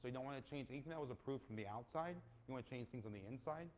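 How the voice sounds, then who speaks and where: A man talking casually in an interview as a real estate investor, animated and storytelling, acting out quoted people and ending many sentences with "right?". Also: mid-range voice, racing, a little hiss or hum. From California.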